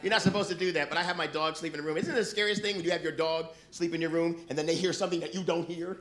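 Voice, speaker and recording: A man's voice: a little high, steady tone, rapid-fire, fairly bright tone. A middle-aged man doing stand-up comedy, brash and profane, teasing the audience from a club stage. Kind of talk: stand-up comedy with crowd work. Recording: live club recording with audience laughter.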